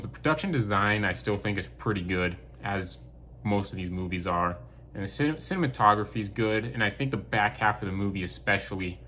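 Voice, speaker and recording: A man's voice: on the low side, fairly bright tone, slight background noise. A man giving a casual spoken film review, blunt and candid with his opinions.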